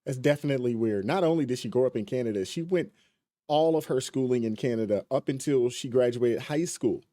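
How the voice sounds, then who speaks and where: A man's voice: medium pitch, brisk, mellow. A man hosting a reaction video, talking conversationally with emphatic remarks and fillers. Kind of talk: casual commentary.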